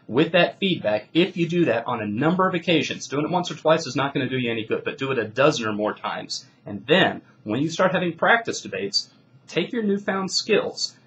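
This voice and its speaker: A man's voice: medium pitch, a bit bright, dull audio. A man coaching debaters, giving instruction in an emphatic, declarative way. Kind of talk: instructional talk.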